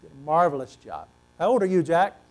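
A male pastor preaching a sermon, animated and asking the congregation questions, swinging between loud and hushed delivery. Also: fairly high pitch, brisk. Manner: repeats words for emphasis, asks the congregation questions.

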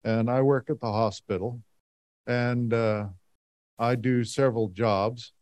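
A man's voice: mid-range voice, steady tone, takes it slowly, darkish tone, no echo. A middle-aged man telling a long personal story to a church audience in a folksy, rambling way, full of "and, uh" fillers. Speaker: lay speaker giving a talk. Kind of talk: storytelling talk to a congregation.

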